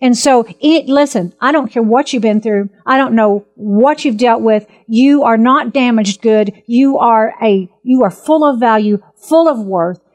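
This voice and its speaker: A woman in her fifties, a minister, telling her testimony in an earnest, emphatic and animated way. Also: fairly high pitch, measured pace, few pauses. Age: 50s. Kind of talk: personal testimony talk.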